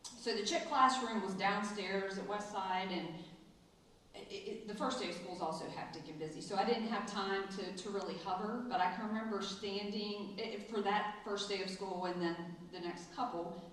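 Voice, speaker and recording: A middle-aged woman, a school administrator, telling a personal story in a ceremony speech and acting out the quoted lines with lively voices. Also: mid-range voice, moderate pace, slight background noise. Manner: storytelling, animated in quoted asides. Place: large echoey hall. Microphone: distant from the mic. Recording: echoey hall, voice from far off.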